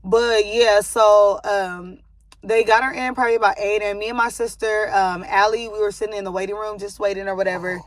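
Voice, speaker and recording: A young woman talks straight to her viewers in a loose, rambling vlog. Her pitch sits in the middle range for a woman. She fills her sentences with likes and ums and stops now and then to settle a baby beside her. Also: fairly even intonation, fairly quick, no echo. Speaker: vlogger giving a life update. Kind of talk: casual chat to camera.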